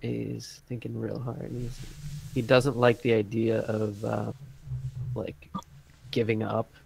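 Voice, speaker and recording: A man narrating as game master in a tabletop game, in a loose, unhurried way with many fillers. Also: fairly low pitch, monotone, creaky, a little mellow, slight background noise, poor audio.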